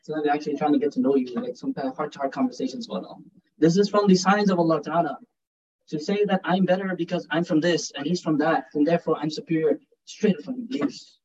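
A man's voice: fairly high pitch, fast talker, a little mellow. A young man giving an informal religious lecture, conversational and joking, dropping in Urdu and Arabic phrases. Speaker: Islamic teacher giving a talk. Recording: dull distant recording.

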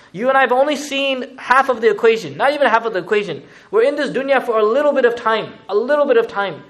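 A man preaching a sermon, talking conversationally and switching between recited Arabic verses and casual English explanation with slang asides. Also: very high voice. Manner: animated, uses asides and slang. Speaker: Islamic preacher.

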